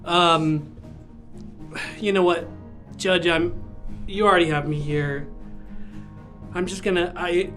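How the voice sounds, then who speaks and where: A man playing an evasive ex-Amish young man who poses as a Londoner in a comic courtroom improv, with a high voice and soft music under it. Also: fairly even intonation, slow pace, long pauses. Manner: evasive and rambling. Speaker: improv defendant.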